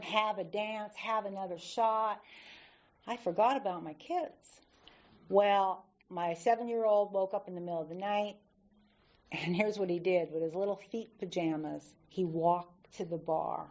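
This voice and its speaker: A woman's voice: medium pitch, a little slow. Woman telling her story candidly. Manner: candid, animated storytelling with acted-out quotes. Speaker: AA speaker. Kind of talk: recovery talk from the podium. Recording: dull lo-fi recording.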